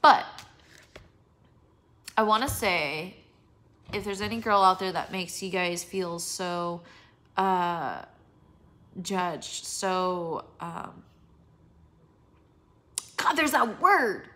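A young woman rambles to her viewers in a casual vlog, her voice bright and forward. She swears freely and keeps losing and hunting for her words. A yawn slips into her talk now and then. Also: lowish voice, very slow, long pauses. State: yawning. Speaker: vlogger.

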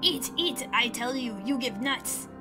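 A woman's voice: fairly high pitch, lively intonation, a little slow, over music. A woman voicing a suspicious talking bird that squawks in broken, repeated phrases. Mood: squawking.

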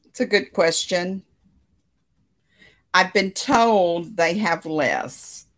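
A woman with a lowish, fairly bright voice talks extremely slowly during a relaxed crochet livestream from her living room. She's chatty with viewers, reads their comments aloud, and laughs often.

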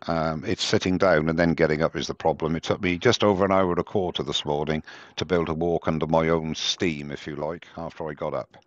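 A chatty man with a very deep, steady voice talks a little fast while hosting a live woodturning demo. The casual live-stream chat is self-mocking and rambling. His headset gives a dull, dry sound.

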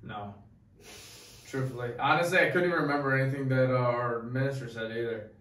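A young man co-hosting a podcast, rambling through a profane, excited story in casual chat. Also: mid-range voice, fairly quick. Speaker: podcast co-host. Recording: echoey room, distant mic.

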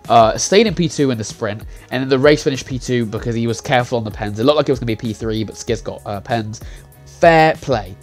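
A man's voice: mid-range voice, brisk. A young man recapping a sim racing league round in a casual, rambling way, full of fillers, self-corrections and little chuckles. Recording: faint music behind.

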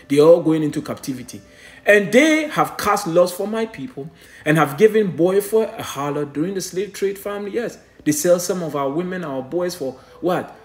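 A man preaching with excitement, reading verses aloud and then explaining them, often tagging his lines with a questioning "eh?". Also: fairly high pitch. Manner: fervent, punctuates lines with questioning "eh?". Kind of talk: excited scripture teaching. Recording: echoey room.

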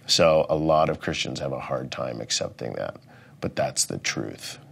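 A man in his thirties doing a comedic rant, profane, jumping between loud outbursts and mumbled asides. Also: a bass voice, animated, moderate pace, vocal fry, breathy edge. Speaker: comedian rating things as overrated or underrated.

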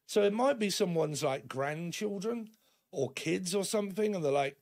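A man with a gravelly, fry-edged voice that sits a little on the high side, giving a chatty, meandering tarot reading. He laughs easily as he talks and slips into playful back-and-forth dialogues to make his points. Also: lively intonation, normal speed, a little mellow. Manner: rambling and chatty, often laughing; acts out imagined dialogues in shifting voices. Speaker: tarot reader.

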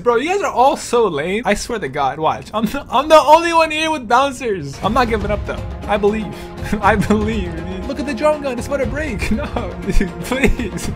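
Very high-pitched, excitable male gamer. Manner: excitable, laughs often, yelps and pleads loudly. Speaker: gaming streamer. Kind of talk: excited gameplay commentary.

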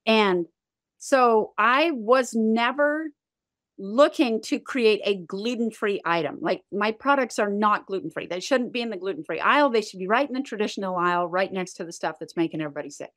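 A woman's voice: on the high side, moderate pace, a bit bright, no room sound, studio quality. A middle-aged woman, a company founder, telling her story in an interview and acting out the lines she quotes. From United States and Canada.

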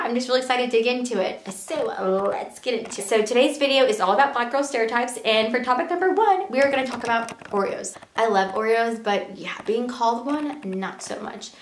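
A woman's voice: on the high side, a little hiss or hum. A young woman vlogging to camera in a casual, earnest way, full of rhetorical questions. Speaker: beauty and lifestyle vlogger. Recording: echoey room.

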